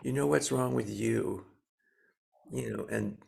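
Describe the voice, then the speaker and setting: A man in his seventies, a Zen teacher giving a dharma talk, speaking slowly and gently with many pauses and fillers. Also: medium pitch, creaky. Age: 70s.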